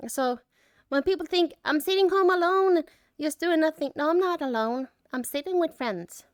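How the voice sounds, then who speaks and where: A woman giving an emotional personal reflection as an artist. She is choked up and holds back tears, talking haltingly with many restarts and trailing phrases. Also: high-pitched, dry recording, studio quality.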